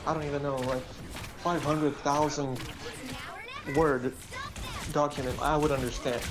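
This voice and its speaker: A man's voice: fairly high pitch, little pitch movement, measured pace, background noise. Rambling man in casual stream chat. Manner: rambling, filler-heavy, frank about writing. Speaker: vtuber streamer and web novel author.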